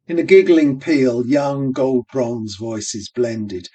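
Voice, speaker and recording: A man reading literary prose aloud, slow and unhurried, shaping each phrase like music. His voice sits at a middle pitch and is heard from a little distance off the mic. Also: lively intonation, dark tone. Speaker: audiobook reader.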